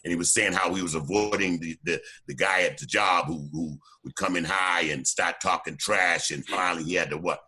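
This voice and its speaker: A man, a documentary co-producer and former youth coach, talking casually in a radio interview as an animated storyteller who often repeats his words while getting going. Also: low voice, fairly quick, few pauses, slightly rough.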